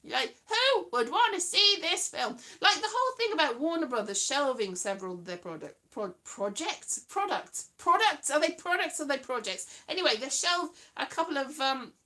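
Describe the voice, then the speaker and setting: A woman hosting a casual chat, rambling and trailing off as she hunts for names, with quick asides. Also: high voice, big pitch swings, bright, forceful tone. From Wales. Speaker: podcast host.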